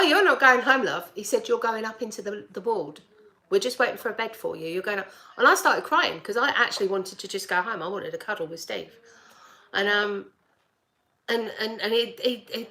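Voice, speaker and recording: A middle-aged woman tells a personal story in a casual, chatty way. She laughs often and acts out the voices of people she talked to, with plenty of restarts. Her voice sits at an ordinary middle pitch. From United Kingdom. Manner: animated, laughs often, acts out dialogue with repeated words. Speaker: vlogger telling a personal story.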